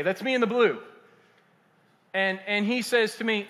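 A man, a pastor preaching a sermon in an animated, conversational and humorous way. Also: high-pitched, moderate pace, long pauses. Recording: echoey hall.

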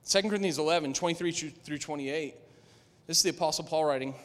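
Man preaching, high bright voice, loud then hushed, long hall reverb. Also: expressive, fast talker, creaky. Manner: swings from loud emphatic lines to low quiet asides. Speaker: pastor. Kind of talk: sermon. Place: large room with a congregation.

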